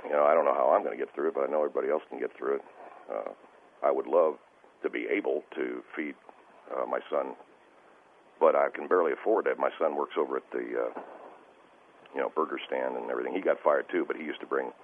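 A man calls into a radio show, his voice sitting remarkably low. He stammers and restarts, sounding distressed. The sound is thin and phone-like, with a light hiss underneath. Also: fast. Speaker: caller. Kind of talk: call-in radio conversation. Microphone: telephone. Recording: tinny phone line with faint hiss.

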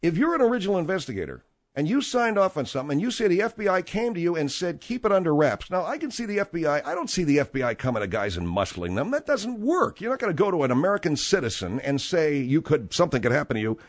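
A man's voice: fairly high pitch, very animated, fast. A man hosting a talk radio show, delivering a combative, rambling and sarcastic monologue.

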